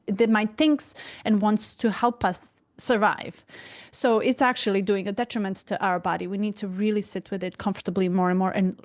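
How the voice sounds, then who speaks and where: A woman hosts a podcast conversation and reflects aloud in a calm, measured way. Her voice sits at a middle pitch, and she explains her ideas thoughtfully. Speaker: podcast host.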